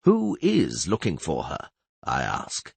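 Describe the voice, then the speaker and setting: A man's voice: extremely low pitch, wildly swooping pitch, slow pace, gravelly, husky, no echo, pitched below the performer's own voice, full character voice. A man voicing a blunt, scornful king in an audiobook, speaking with dry force. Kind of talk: audiobook character voice.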